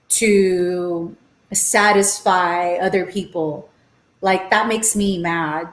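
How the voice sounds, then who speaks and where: A woman's voice: mid-range voice, takes it slowly, reverberant. A young woman from Los Angeles hosting a casual cooking live stream, chatting and ranting while she cooks and slipping in Spanish phrases. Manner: chatty, mixes in Spanish phrases, animated rants. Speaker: cooking show host. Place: home kitchen.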